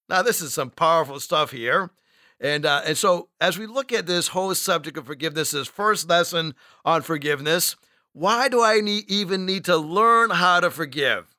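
A man's voice: a little high, lively intonation, a little fast, pushed and bright, no room sound, clean studio sound. A man preaching a sermon, conversational with folksy asides. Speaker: pastor.

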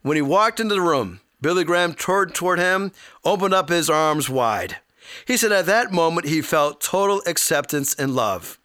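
A man's voice: on the high side, expressive, moderate pace, bright, forceful tone, smooth, no room sound, clean studio sound. A man preaching a sermon in a folksy way, with light humor and personal stories. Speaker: pastor.

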